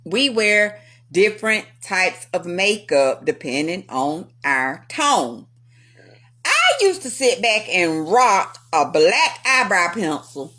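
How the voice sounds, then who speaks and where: A woman's voice: fairly low pitch, slow pace. A woman hosting a vlog, telling personal stories to her viewers with frequent laughter. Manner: animated, laughs often, talks to viewers. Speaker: vlog host. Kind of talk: casual storytelling commentary.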